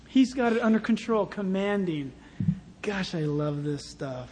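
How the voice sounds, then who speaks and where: A male pastor preaching an animated sermon in a warehouse church, declaiming scripture emphatically. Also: sits high, unhurried. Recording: long reverb in a large hall.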